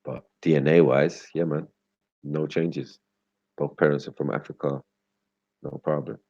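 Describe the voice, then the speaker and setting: A man's voice: very deep voice, steady tone, measured pace, gravelly, warm tone, breathy edge, no echo. A man hosting a casual livestream, teasing his viewers in slangy, swearing chat. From Britain. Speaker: livestream host. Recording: dull lo-fi stream audio.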